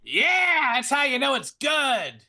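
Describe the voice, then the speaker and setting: Guy putting on a bright, excitable mechanic bragging about his noisy engine, pitch all over the place. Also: slow pace, gravelly, full character voice. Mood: gleeful. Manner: excitable, boastful. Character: eager male fort mechanic, proud of his loud machines.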